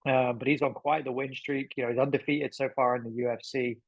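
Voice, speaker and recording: A man's voice: medium pitch, level tone, quick pace, gravelly, no room sound. A man co-hosting a podcast in casual chat, chatty and thinking aloud with plenty of fillers. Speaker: podcast co-host. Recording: dull lo-fi sound.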